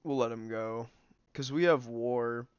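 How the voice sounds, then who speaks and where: A man's voice: medium pitch, measured pace, clear, resonant tone, dry recording, highs cut off. A young man streaming a game, chatting casually with lots of fillers while he snacks. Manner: rambling, filler-heavy, snacking while talking. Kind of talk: casual livestream commentary.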